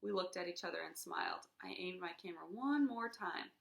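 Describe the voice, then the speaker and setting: A woman reading a children's chapter book aloud in an expressive way, acting out the sound effects. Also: fairly low pitch, a little fast, creaky, reverberant. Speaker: reader.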